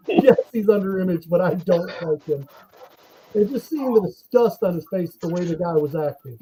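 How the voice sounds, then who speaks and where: A man in casual chat, telling lively stories about meeting comic artists at signings and acting out what people said. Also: high voice, normal speed, a little hiss or hum, low-quality recording. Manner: animated storyteller acting out quotes.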